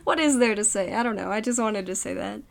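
A woman's voice: mid-range voice, fast talker, gravelly. A woman co-hosting a casual podcast, chatting about comedy sketches, laughing often and trailing off with ums. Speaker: podcast co-host.

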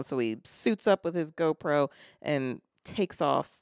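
Podcast co-host, man, gravelly voice, dry close sound, rambling film recap. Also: on the high side, measured pace, no echo. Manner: retells film scenes with many fillers and restarts. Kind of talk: casual film discussion.

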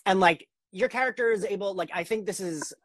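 A woman's voice: medium pitch, brisk, husky, no echo. A young woman hosting a podcast interview over a video call. She talks casually and enthusiastically, rambling with heavy use of "like". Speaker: podcast host.

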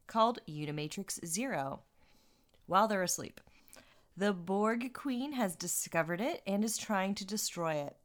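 A woman co-hosting a casual podcast chat, wry and laughing often. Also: fairly low pitch. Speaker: podcast co-host.

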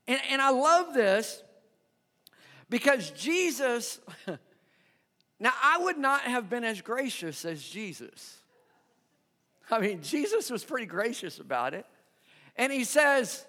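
A male pastor preaching a sermon in an animated, conversational way, often asking the congregation questions. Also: extremely high pitch, slow, long pauses, long reverb tail. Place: church sanctuary.

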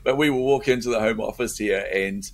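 Gravelly middle-aged man telling stories. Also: medium pitch, brisk. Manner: animated storyteller, laughs often, repeats words. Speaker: guest entrepreneur. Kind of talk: casual interview chat.

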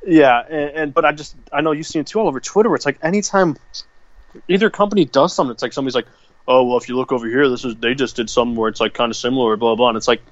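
In a muffled, dry recording, a podcast co-host with a mid-range voice talks at a rapid-fire clip. The conversation is casual and rambling, scattered with fillers and restarts.

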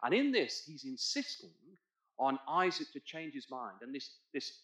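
A male preacher delivers an expository sermon, his fairly high voice swinging widely in pitch. He pushes hard on key points and draws back to quiet asides. The sound rings around a roomy church. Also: very animated, unhurried. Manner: expository, asks congregation to look in their Bibles; emphatic, swells loud on key points. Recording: echoey church hall.

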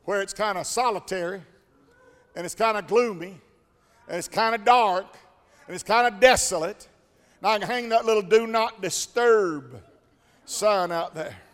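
A male preacher delivering a rhythmic call-and-response sermon that builds into shouts. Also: high voice, moderate pace, long pauses. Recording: long church hall reverb with faint congregation.

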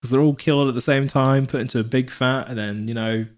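A fast-talking man with a mid-range voice and fairly even intonation co-hosts a casual podcast. He rambles, stops to restart and correct himself, leans on lots of fillers, and uses put-on voices to animate his anecdotes.

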